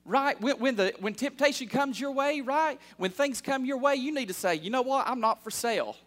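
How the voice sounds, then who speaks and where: A man in his thirties preaching a sermon as pastor, calling out for amens and building from quiet asides to fervent shouts. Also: very high voice, animated, moderate pace. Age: 30s. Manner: call-and-response preaching, building to loud fervor.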